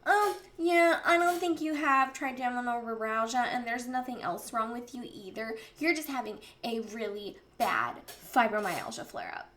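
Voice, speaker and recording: A woman's voice: on the high side, very animated, normal speed, few pauses, bright, forceful tone, slight background noise. A woman imitating a dismissive female doctor who brushes off a patient in a breezy, condescending tone.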